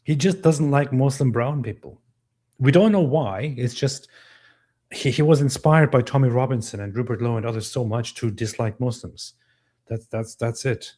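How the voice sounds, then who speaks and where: Man, host, mellow tone, sarcastic, incredulous. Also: mid-range voice, moderate pace. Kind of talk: live commentary stream.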